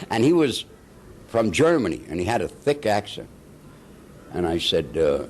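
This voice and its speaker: Lively older New man telling stories. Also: lowish voice, moderate pace, long pauses, a little hiss or hum. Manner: animated anecdotes with laughs and acted-out quotes. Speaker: interview guest, actor. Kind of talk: storytelling in a casual interview.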